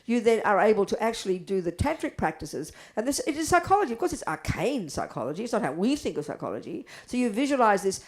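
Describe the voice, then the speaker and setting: An older woman teaching Buddhism to an audience, blunt and animated, asking rhetorical questions. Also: medium pitch, quick pace, hardly any pauses. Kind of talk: dharma talk to an audience.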